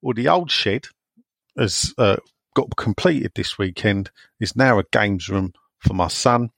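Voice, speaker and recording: A man co-hosting a casual podcast, reading out listener messages and chatting with quick asides. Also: lowish voice, animated, creaky, fairly bright tone, dry recording, clean studio sound. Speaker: podcast co-host.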